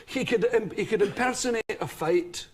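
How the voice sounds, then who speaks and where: A middle-aged Scottish man, a guest, telling funny stories in a lively chat and acting out voices and sounds. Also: sits high, normal speed, husky. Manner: animated, comic, acts out voices and sounds. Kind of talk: storytelling chat. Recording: studio audience laughter. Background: audience laughter.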